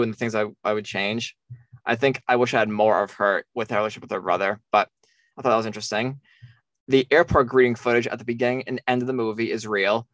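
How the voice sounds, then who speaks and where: A man's voice: mid-range voice, fairly bright tone, dry recording. Easygoing man reading movie trivia, dry sound. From United States. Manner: laughs often, reads trivia aloud. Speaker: podcast co-host. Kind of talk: casual film discussion.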